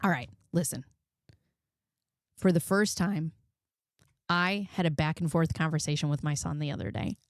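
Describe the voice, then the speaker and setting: A woman's voice: low voice, normal speed, pauses often, slight background noise. A woman in her thirties hosting a casual livestream, chatty and blunt, swearing freely and thanking viewers as she goes. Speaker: livestream commentary host.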